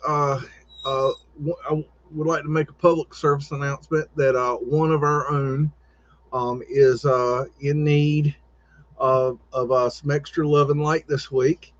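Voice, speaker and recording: A man hosting a live stream in casual chat, rambling and halting with lots of fillers and restarts. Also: a little high, flat delivery, no room sound. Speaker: livestream podcast host. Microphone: home computer setup with webcam. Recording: dull lo-fi stream audio.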